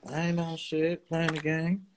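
A young man with a Chicago accent, joining a livestream and teasing in a relaxed way. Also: fairly high pitch, a little slow. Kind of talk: casual livestream chat. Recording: faint background noise.

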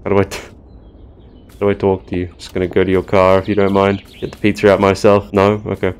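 A gaming YouTuber does let's play commentary on the game he's playing, sounding sarcastic and baffled and laughing a lot. He talks fast in a low monotone, with slight background noise.

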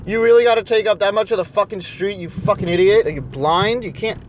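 A man's voice: high voice, fairly quick, few pauses, a little hiss or hum. A young man ranting and cursing nonstop while driving around and vlogging. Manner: angry, cursing constantly. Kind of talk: casual rant while driving. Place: in a car.

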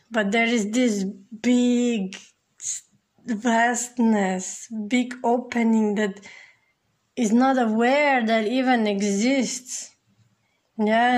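A woman giving a casual tarot reading, speaking straight to the viewer and filling her talk with "like" and "you know". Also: a little high. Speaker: tarot reader.

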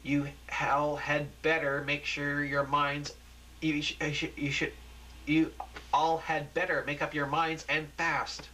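A man's voice: on the high side, completely flat delivery, measured pace, bright, forceful tone, slight background noise, voice pushed up, rough recording. A man voicing a zealous male TV preacher who pleads and preaches with urgency in a raised voice. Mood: preachy.

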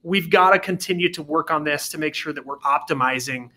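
Male podcast host, high bright voice, measured and affirming. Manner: measured, affirming, asks follow-ups. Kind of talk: interview hosting.

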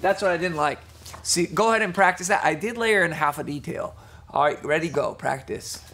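Over a video call, a man teaches a jiu-jitsu class, correcting technique and jokingly teasing his students in between. His voice is on the high side, a bit bright, animated, and a little fast.

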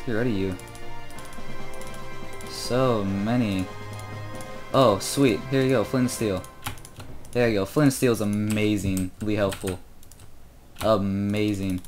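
A sixteen-year-old boy chatting casually through his own gameplay, joking about himself and growing loud and excited when he fights. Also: fairly low pitch. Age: teens. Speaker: gamer commentating his own play.

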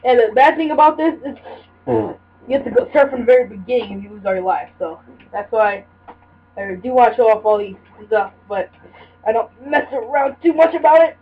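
A young woman with a voice on the high side talks briskly through a video game, her let's-play commentary rambling and packed with fillers and restarts. The recording sounds dull and lo-fi, with a faint hiss.

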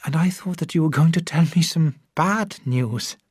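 A reader voicing a gentle young female schoolteacher who speaks softly and quietly. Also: mid-range voice, normal speed, breathy edge, no echo, clean studio sound, voice pushed up, close to an everyday voice. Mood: tender. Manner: soft and quiet.

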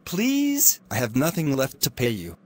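A man's voice: medium pitch, wildly swooping pitch, a little slow. A man voicing a frightened young miller's daughter who pleads in a raised voice. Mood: begging.

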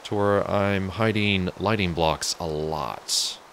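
Man, deep pitch, gravelly, chatty, joking, casual gameplay commentary. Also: slow pace, fairly bright tone, slight background noise. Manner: chatty, jokey, talks to viewers. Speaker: let's play host.

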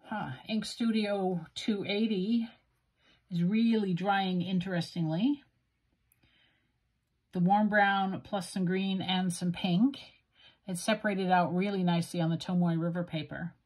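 A woman's voice: mid-range voice, fairly even intonation, a little slow, darkish tone, husky. A woman with a Western Canadian accent, musing aloud in a self-deprecating way as she swatches inks. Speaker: stationery video host. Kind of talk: casual narrated ink swatching.

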